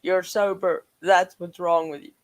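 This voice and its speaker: A woman in a casual chat, talking slowly and easily. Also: fairly low pitch, fairly even intonation, dry recording.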